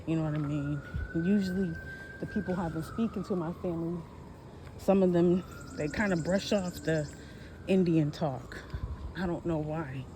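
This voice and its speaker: Forties vlogger, loose walk-and-talk, rambles and self-corrects, noisy outdoor phone audio, mid-pitched. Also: moderate pace, pauses often. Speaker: history vlogger. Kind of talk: casual walking vlog. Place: outdoors, walking on a hot day.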